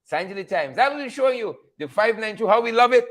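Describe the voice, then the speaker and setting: A man's voice: high-pitched, animated, brisk. A Guyanese man hosting a live stream, ranting with sarcastic, preachy fire while greeting viewers. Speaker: livestream host. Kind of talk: live-stream commentary and rant.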